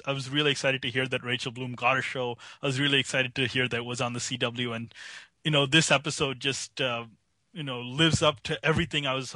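A man co-hosts a casual podcast in a bright, forward voice, speaking with hesitant restarts and mild self-deprecation. The sound is dry and close to the mic. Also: mid-range voice, no echo. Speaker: podcast co-host.

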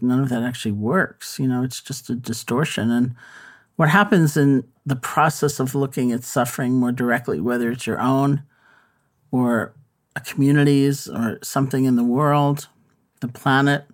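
Meditation-teacher author, male, unhurried reflective answers, average pitch. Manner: thoughtful, unhurried, with frequent fillers and restarts.

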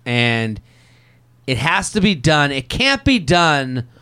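A man's voice: fairly high pitch, big pitch swings, slow, sharp tone, clean tone. A young man hosting a podcast, chatting casually and acting out people in quoted voices. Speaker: podcast host. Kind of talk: casual comedic chat.

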